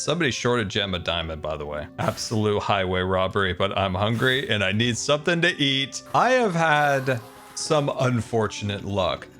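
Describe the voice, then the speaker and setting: A man playing a video game and giving playful, excitable commentary as he builds and jokes. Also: medium pitch. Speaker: gaming YouTuber. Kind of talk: gameplay commentary.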